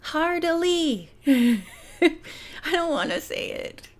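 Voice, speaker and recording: A woman's voice: fairly high pitch, expressive, unhurried. A woman reading a mystery novel aloud in outtakes, tripping over words, giggling and teasing her own slips. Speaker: audiobook reader.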